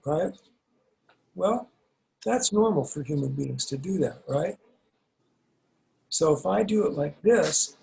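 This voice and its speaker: A man's voice: on the high side, creaky, darkish tone, a little hiss or hum, rough recording. A man speaking as a podcast guest, explaining ideas in a laid-back, slangy way over a video call. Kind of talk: conversational explaining.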